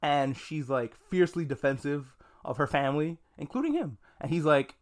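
A man with a slightly high voice talks alone on a casual review podcast. He is frank and joking, and he swears freely. His speech is easygoing and off the cuff. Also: expressive, a little fast, hardly any pauses. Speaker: podcast host. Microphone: podcast mic.

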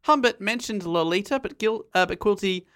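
Talking fairly quickly in a medium-pitched, slightly bright voice, a podcast host chats casually through a novel's plot, reading quotes aloud and laughing often as the story is retold. There's slight background noise.

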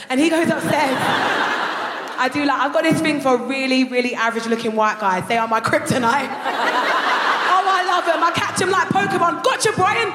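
A woman doing a live stand-up set on stage, telling crude stories in a brash, animated way. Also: sits high. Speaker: guest stand-up comedian. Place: large concert hall stage. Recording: echoey hall, live crowd noise. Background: live audience laughing.

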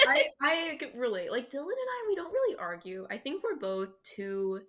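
A woman's voice: sits high, sing-song, measured pace. A young woman in her twenties hosting the interview, listening with frequent affirmations and talking casually with many fillers. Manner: warm listener, frequent "mm-hmm", laughs along, many fillers. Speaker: podcast host, interviewer. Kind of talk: casual conversation.

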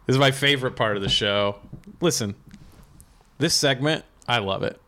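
Male podcast host, playful game-show presenter energy, mid-range pitch. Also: moderate pace, pushed and bright. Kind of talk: casual comedy podcast banter.

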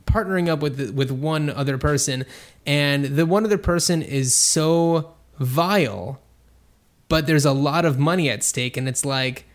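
A man's voice: on the high side, a little slow. A man co-hosting a podcast, rambling and thinking aloud in casual chat, with lots of fillers. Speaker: podcast co-host.

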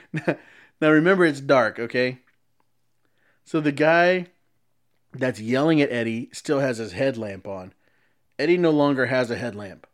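A man's voice: mid-range voice, moderate pace, pauses often. A man casually telling a long story, often restarting sentences as he explains.

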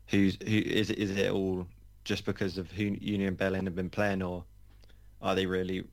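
A man's voice: deep voice, flat delivery, moderate pace. A man giving casual football opinions, thinking aloud and hesitant, with many restarts.

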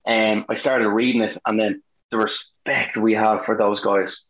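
A man's voice: lowish voice, a little slow, roomy sound, lo-fi sound. An Irish man, an actor being interviewed, chatting casually and acting out the quotes in his stories. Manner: animated storyteller, acts out quotes. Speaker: guest, actor. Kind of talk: casual chat.

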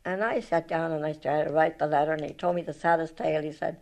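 An older woman with an Irish accent tells stories from her life in a rambling, lively way, full of restarts and retold conversations. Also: low-pitched, quick pace, creaky, rough recording. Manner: rambling, lively, retells past talk with many restarts. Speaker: storyteller recalling her life. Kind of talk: spoken memoir, reminiscing.

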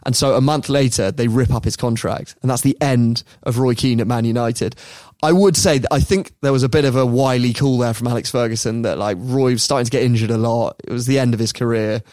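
A man's voice: mid-range voice, a little fast, few pauses, a little mellow, dry recording, studio quality. Chatty man telling a story. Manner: chatty, laughs often, puts on voices for quotes. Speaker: podcast host. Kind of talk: casual storytelling chat.

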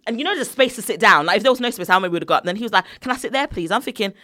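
Animated fast-talking woman. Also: medium pitch, no room sound, clean studio sound. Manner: animated, heated, swears often. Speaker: podcast co-host. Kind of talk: casual chat, storytelling.

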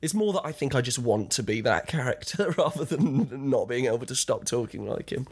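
Guy, mid-pitched, chatty, laughs a lot through his anecdotes. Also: animated, a little fast, slightly rough. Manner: chatty, laughs often while telling stories. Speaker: guest actor. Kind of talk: casual chat.

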